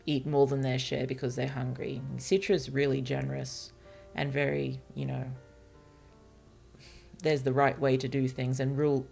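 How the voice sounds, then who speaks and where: A woman streaming as a virtual author, thinking aloud about her novel in a hesitant, musing way, with many fillers and soft laughs. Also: rumbling low, flat delivery, normal speed, creaky, soft background music. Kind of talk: casual thinking-aloud livestream while writing.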